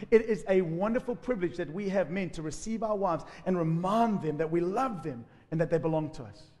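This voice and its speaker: A man preaching a sermon as pastor, lively, acting out quotes. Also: high-pitched, in a large hall. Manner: animated preaching with acted-out quotes.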